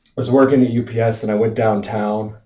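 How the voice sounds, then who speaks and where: Warm-toned but flat, his fairly low voice moves a little fast as he vents in bursts and swears heavily in an emotional self-expression monologue. He uses a headset mic in an indoor room with echoey acoustics.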